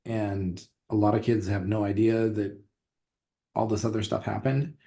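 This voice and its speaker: Low, mellow-voiced male teacher chatting. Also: level tone, moderate pace. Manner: rambling, restarts with many fillers. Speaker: teacher and podcast co-host. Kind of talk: casual podcast chat.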